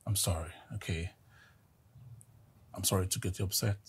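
A meek, apologetic boyfriend. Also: male voice, low voice, steady tone, moderate pace, slightly rough. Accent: Nigerian. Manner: soft, apologetic, pleading. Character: meek young man pretending to be poor.

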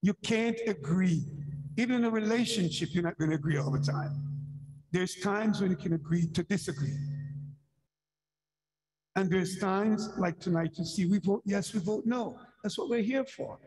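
A man's voice: high voice, moderate pace, darkish tone, long reverb tail, poor audio. A man on a school board giving earnest, emotional remarks at a meeting, repeating his points like a sermon. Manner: earnest, emotional, preacherly repetition.

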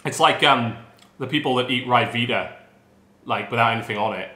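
A man's voice: mid-range voice, fairly quick, pushed and bright. Sarcastic grumbling man, roomy sound. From United Kingdom. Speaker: snack taster. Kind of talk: casual chat.

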